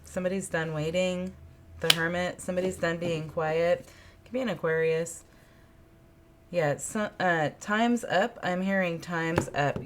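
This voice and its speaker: A slightly slow woman with a fairly low pitch reads tarot intuitively, musing, repeating her phrases, and asking spirit questions with each card she pulls. Background noise and clicks from shuffled cards can be heard.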